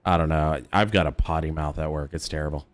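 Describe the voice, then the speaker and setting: A man's voice: extremely low pitch, steady tone, quick pace, dry recording, faint music behind. A young adult man hosting a game stream, chatting casually in a laid-back way and swearing freely as he reacts to the game. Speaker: streamer host. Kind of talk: casual chat while gaming.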